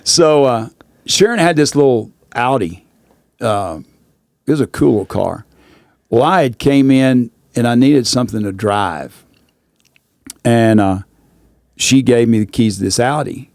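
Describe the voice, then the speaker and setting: A man's voice: medium pitch, a little slow, pauses often, a little mellow, dry recording, clean studio sound. A man, telling a rambling anecdote in a drawling voice and repeating "I said" often. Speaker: rodeo announcer and guest. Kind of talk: casual storytelling.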